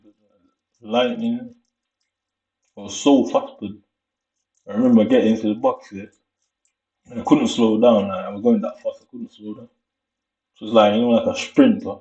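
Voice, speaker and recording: A man's voice: on the low side, mellow. A young man from Jamaica with a Jamaican accent, telling a long, rambling story in a casual, slangy way. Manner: rambling, slangy, loose and unhurried. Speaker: vlogger. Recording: echoey room, distant dull mic.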